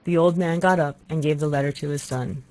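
An audiobook narrator reading a classic novel in a steady, measured way. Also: mid-range voice, rough recording.

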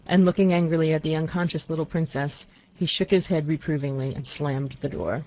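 An audiobook narrator reading a classic novel in a steady, measured way. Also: mid-range voice, poor audio.

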